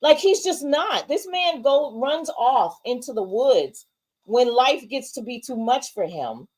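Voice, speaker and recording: High-voiced opinionated woman reviewer. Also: expressive, measured pace, a little mellow. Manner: emphatic and opinionated, acts out her reactions in quotes. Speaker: movie review co-host. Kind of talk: casual movie review chat. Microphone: streamed online call.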